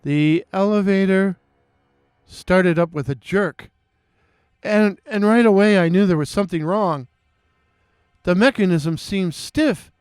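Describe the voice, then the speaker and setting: Slow, dramatic male horror narrator. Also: sits high, darkish tone, clean tone, no echo, clean studio sound. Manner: dramatic, halting, with nervous restarts. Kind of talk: first-person horror story narration.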